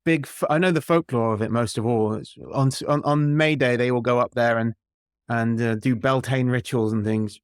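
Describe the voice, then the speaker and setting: A British man talking as a podcast guest in a lively, opinionated way, with many restarts. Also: mid-range voice, moderate pace, clear, resonant tone, no echo, clean studio sound. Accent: British English. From Britain. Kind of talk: casual interview chat.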